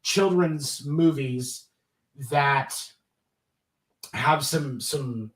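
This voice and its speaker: A man in a relaxed podcast conversation, circling his points with frequent restarts and eager asides. His fairly high voice sits back from the mic in a noticeably echoey room. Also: very slow, distant mic. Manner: rambling, many restarts, enthusiastic about comedy. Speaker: podcast co-host. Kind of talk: casual chat.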